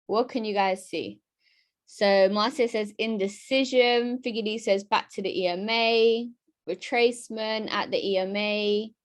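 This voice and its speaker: A woman's voice: mid-range voice, unhurried. Woman running a live trading class, chatty and upbeat, keeps checking in with the chat. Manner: lively, chatty, keeps asking "right?"; talks straight to her chat audience. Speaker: trading educator. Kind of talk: live-streamed chart lesson.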